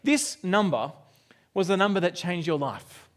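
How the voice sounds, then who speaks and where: Aussie guy in his 40s preaching, high-pitched, tells stories and acts them out. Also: measured pace. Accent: Australian. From Australia. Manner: animated storytelling, acts out his own reactions. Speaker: pastor. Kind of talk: sermon with personal story.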